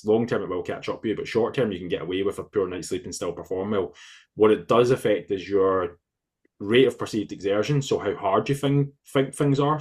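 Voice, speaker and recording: A man on a fitness podcast talks in a low, husky voice. He explains things casually, restarting sentences and dropping the odd swear word as he chats over a remote call. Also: darkish tone. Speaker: podcast co-host, fitness coach.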